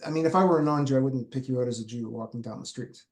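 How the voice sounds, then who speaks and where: A man's voice: mid-range voice, very fast, a little mellow. Casual man hosting a podcast. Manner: talks in fragments, filler-heavy. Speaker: podcast host. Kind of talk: casual interview chat.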